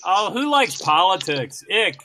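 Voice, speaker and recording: A man from Kentucky on a casual video chat, halting and repeating his words. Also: sits high, very animated, bright, forceful tone, a little hiss or hum. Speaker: father.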